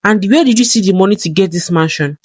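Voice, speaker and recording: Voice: mid-range voice, quick pace, dry recording, studio quality, close to an everyday voice. The narrator voicing a loyal man who speaks earnestly and urgently.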